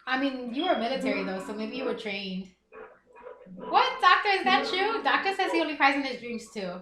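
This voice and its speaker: A woman's voice: high-pitched, lively intonation, a little fast, noisy background. A woman in her thirties hosting a livestream, chatting candidly and laughing often. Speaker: livestream host. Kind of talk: casual chat. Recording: echoey room.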